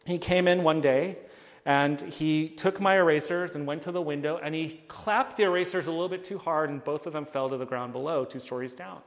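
A man's voice: on the high side, a little fast. Man telling stories in a reverberant hall. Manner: animated, acts out the people in his stories. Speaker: speaker addressing an audience. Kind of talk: storytelling talk to a live audience.

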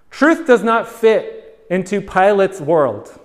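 A man's voice: high voice, sing-song, slow pace, long reverb tail. A man preaching a sermon, driving his points home with repeated phrases and rhetorical questions. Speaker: pastor.

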